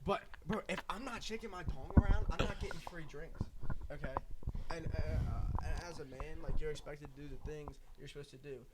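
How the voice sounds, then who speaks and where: Loud ranting young man. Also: fairly high pitch, a little fast, heavy background noise. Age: young adult. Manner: loud, blunt and ranting, says bro a lot. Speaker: podcast guest. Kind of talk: casual chat.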